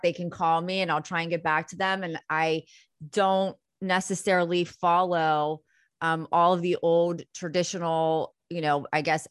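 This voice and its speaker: Woman in her 40s, frank therapist guest, lowish voice, dry sound. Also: no echo. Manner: frank, unfiltered, swears freely. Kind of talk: casual interview.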